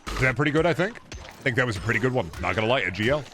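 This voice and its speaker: A man's voice: lowish voice, expressive, rapid-fire, bright, forceful tone, a little hiss or hum. Guy streaming games, jokey and sweary, voice bouncing all over. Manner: joking, swears, riffs on impressions. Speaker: gaming streamer. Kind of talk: casual live-stream chat.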